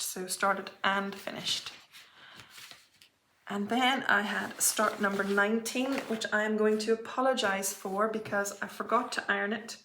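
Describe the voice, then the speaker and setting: A woman's voice: medium pitch, bright, forceful tone, roomy sound, a little hiss or hum. A woman hosting her cross-stitch show, chatting casually about her projects with frequent little laughs and apologetic asides. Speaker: flosstube host. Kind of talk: casual show-and-tell chat.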